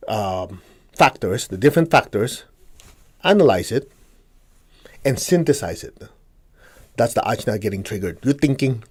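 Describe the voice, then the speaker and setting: A man's voice: medium pitch, a little mellow. A man teaching a meditation group, explaining ideas step by step, asking the audience questions and acting out inner dialogue. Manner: explanatory, asks the audience questions and answers them; acts out inner dialogue in quotes. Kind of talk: spiritual teaching talk to a group.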